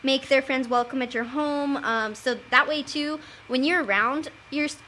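A young adult woman chatting casually as a panelist, telling stories in an animated way. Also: high voice, normal speed, a little hiss or hum. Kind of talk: casual chat.

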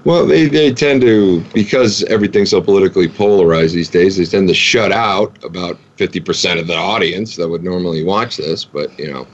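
A man with a fairly low voice who speaks hesitantly, stopping and restarting as he works through his point. The sound is a bit dull and lo-fi. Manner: hesitant, halting. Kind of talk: casual chat.

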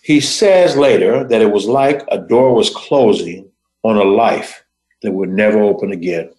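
Lower-voiced man telling a story, roomy echo. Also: a little mellow. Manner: dramatic, deliberate pauses in short phrases. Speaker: host. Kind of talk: motivational storytelling.

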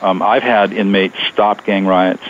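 A man being interviewed as a guest author on radio, explaining his method in a measured, step-by-step way. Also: low voice, fairly even intonation, background noise. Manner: measured, explanatory, steps through points. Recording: dull lo-fi radio sound.

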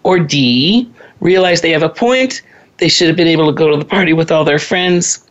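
Her deep voice moves at a moderate pace, with the highs cut off. She's a woman in her sixties leading a parenting talk as a chatty, conversational lecture, wandering into personal stories and laughing at herself along the way.

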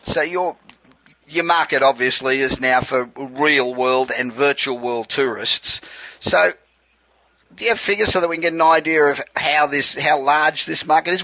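A man's voice: mid-range voice, bright, forceful tone, dry recording, low-quality recording. An Australian man hosting a radio interview, gushing with praise in a conversational way. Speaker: radio show host.

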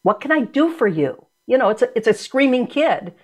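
A woman's voice: a little high, big pitch swings, moderate pace, darkish tone. Reflective woman guest in conversation. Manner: reflective, searching, with repeated restarts. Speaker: guest, author and energy medicine practitioner. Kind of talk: conversational interview.

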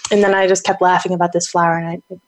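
A woman guest telling a casual story in an animated way, with many fillers. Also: fairly low pitch, rapid-fire. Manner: animated, chatty, full of fillers and laughs.

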